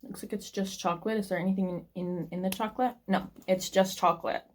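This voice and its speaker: A woman's voice: mid-range voice, fairly even intonation, quick pace, background noise. A woman vlogger in casual chat, talking through a taste test, chatty and opinionated with plenty of ums and likes. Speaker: book vlogger.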